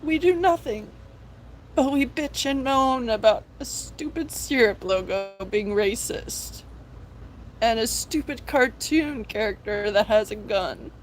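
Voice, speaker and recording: A woman's voice: on the high side, a little slow, a little hiss or hum, poor audio. A young woman hosting a live stream, talking in an earnest, preachy, pleading way about faith. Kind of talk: impassioned religious vlog talk.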